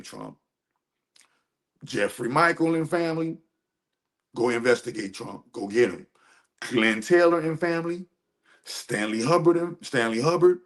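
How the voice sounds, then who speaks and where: A man with a gravelly, fry-edged voice talks over a video he is reacting to. His delivery is animated and profane, and he reads search results aloud as he goes. It is casual stream commentary. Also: mid-range voice.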